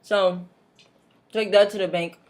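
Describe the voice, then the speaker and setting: A woman talks through a wrestling recap at home, rambling loosely with lots of fillers. She laughs easily and drops mocking asides. Her pitch is middling for a woman and her tone is relaxed and conversational. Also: slow pace. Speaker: vlog host. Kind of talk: casual wrestling recap vlog.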